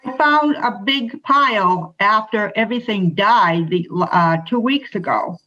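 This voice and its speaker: A woman's voice: mid-range voice, unhurried, pushed and bright, muffled recording. A woman on a town commission complaining with exasperation in a casual meeting. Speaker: commission member.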